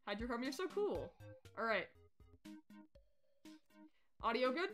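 A young woman streaming a game live, chatting casually with her viewers and getting excitable. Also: on the high side, slow pace, pauses often. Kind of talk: casual live-stream chat while playing. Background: faint background music.

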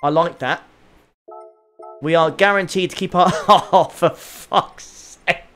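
A man streaming a racing game, chatting casually with viewers, excitable and jokey with plenty of swearing. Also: on the high side, slow, faint music behind. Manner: excitable, joking, swears freely. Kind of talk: casual live-stream commentary.

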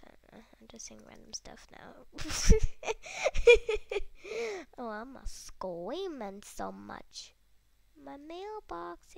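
A woman's voice: fairly high pitch, creaky. A woman hosting a casual gameplay video, chatting to herself and her viewers with frequent giggles and whispered asides. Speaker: gaming video host.

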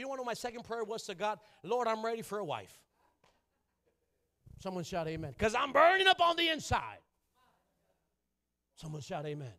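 A young adult man with a high-sitting voice preaches a rousing sermon, urging the congregation to respond and frequently bursting into shouts.

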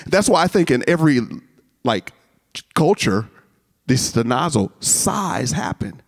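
A man giving a chapel sermon, telling stories in a lively way and acting out voices. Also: a little high, unhurried, gravelly. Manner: animated storytelling, acts out voices. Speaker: chapel speaker. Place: college chapel with a masked audience.

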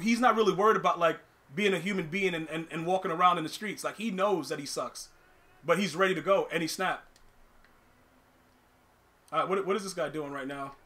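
High, bright-voiced ranting gamer guy. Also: a little fast, pauses often. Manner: animated, ranting, repeats and restarts words, slangy. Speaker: gaming streamer. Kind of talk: live gameplay commentary.

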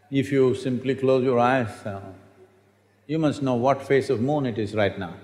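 A man's voice: a little high, darkish tone. Storytelling older man in an echoing hall. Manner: storytelling, asks the audience questions. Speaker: spiritual teacher. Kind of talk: spiritual talk to an audience. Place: hall with an audience.

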